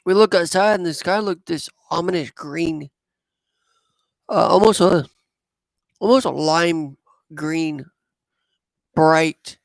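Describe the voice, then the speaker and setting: A man, telling a personal story in a rambling, halting way. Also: on the high side, gravelly, no echo. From southwest Missouri. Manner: rambling, halting, with many fillers. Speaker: vlogger.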